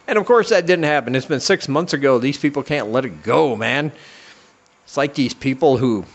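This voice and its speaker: A man's voice: mid-range voice, normal speed, dull audio. A man hosting a comedy podcast, talking in a sarcastic, rambling way with lots of fillers. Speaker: podcast host. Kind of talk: casual comedic rant.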